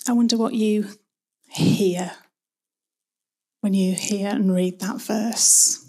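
A woman giving a soft, reflective sermon in a church, dwelling slowly on each word of a verse. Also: mid-range voice, steady tone. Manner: soft, reflective, lingers on words. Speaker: church speaker. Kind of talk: sermon with prayer.

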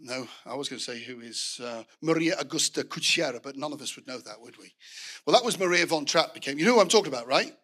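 Middle-aged male preacher, high and forceful, rambling anecdotal sermon with asides to the room. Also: expressive, quick pace. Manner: storytelling with frequent restarts and asides to the congregation.

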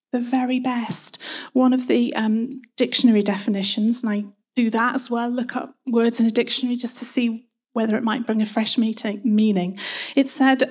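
A woman leads a prayer and a quiet, reflective sermon in a church. Her voice sits a touch high and carries a soft huskiness. She lingers thoughtfully over single words. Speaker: church speaker.

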